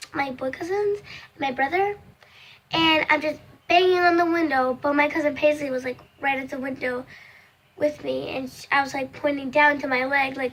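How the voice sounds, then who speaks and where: A young woman vlogger telling a storytime in casual, rambling chat, full of "like" and acting out the quoted voices in loud, high bursts. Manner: rambling, filler-heavy storytelling with many "like"s.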